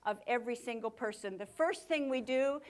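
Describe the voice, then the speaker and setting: Woman, high voice, workshop speaker, punchy, energetic, dramatic pauses, live audience. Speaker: communication speaker.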